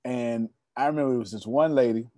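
Fairly quick and dark in tone, this young adult's mid-range voice comes through a dry, studio-quality recording. As a motivational speaker at a members' meeting, he tells stories in an emphatic, preachy style aimed directly at his audience.

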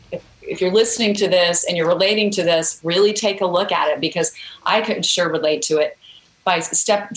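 Woman guest on a podcast, earnest encouraging storyteller, average pitch, roomy echo. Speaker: guest author.

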